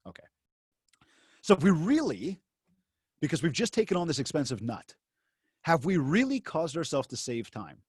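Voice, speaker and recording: A man's voice: fairly high pitch, moderate pace, long pauses, husky, dry recording, studio quality. A man giving a seminar talk to real estate agents. He tells a story in a chatty way, with many fillers and restarts, and he speaks straight to the audience. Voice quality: animated storyteller who acts out both sides of conversations. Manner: addresses the audience directly.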